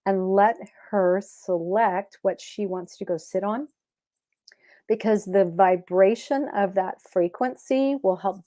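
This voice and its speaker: A woman hosting a live cat-care Q&A, talking casually, rambling a little and correcting herself as she goes. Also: mellow. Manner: chatty, rambling, with fillers and self-corrections; rises into high baby talk with her cat. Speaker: host of a cat health show.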